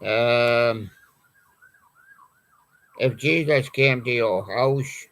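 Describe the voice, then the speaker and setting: A man's voice: medium pitch, very slow, a bit bright. A man hosting a live music show, chatting in a rambling way and reading out song titles from his records. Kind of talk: live-stream chat presenting records.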